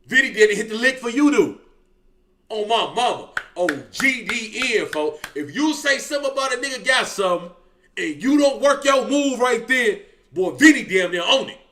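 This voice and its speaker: A man's voice: very high voice, moderate pace, a little hiss or hum. A man hosting a reaction video, telling street stories in a loose, profane, slang-heavy way and ending lines with "boy". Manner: animated, slangy, drawls 'boy' at line ends. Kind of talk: casual profane storytelling.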